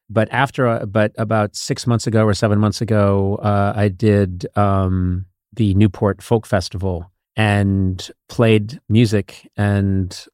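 A man in his sixties hosting a podcast in casual chat, talking haltingly with many fillers and restarts. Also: lowish voice, darkish tone, no room sound, clean studio sound. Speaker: podcast host.

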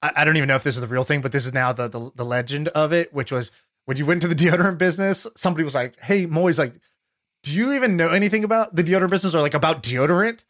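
Speaking very fast in a slightly high voice, this male podcast host narrates a tale during casual talk. He brings it to life by performing the quoted lines of each person in the story.

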